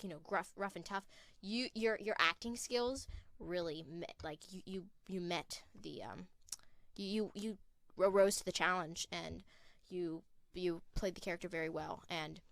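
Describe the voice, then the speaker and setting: A woman giving heartfelt shoutouts to fellow theater cast members, halting and rambling, often stopping to restart. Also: mid-range voice. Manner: halting, rambling with many fillers.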